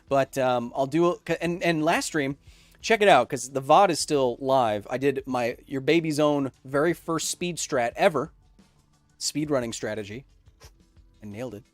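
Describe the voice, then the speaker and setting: Caffeinated man rambling on a livestream. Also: mid-range voice. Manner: rambling, self-described super caffeinated. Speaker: podcast host reading chat. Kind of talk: casual livestream chat.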